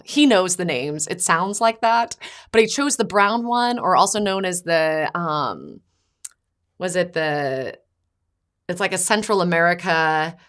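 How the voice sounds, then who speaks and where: Woman podcast host, thirties, casual homeschool-mom chat, quick anecdotes. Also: lowish voice. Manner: chatty storytelling, quotes her son and mother in lively bursts.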